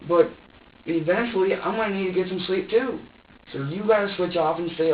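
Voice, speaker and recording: A man's voice: high voice, fairly quick, slight background noise. Rambling man in a tinny interview room. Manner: rambling, repetitive, defensive. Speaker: suspect being questioned. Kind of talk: police interrogation. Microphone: far room microphone. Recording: tinny, echoey room audio from far off.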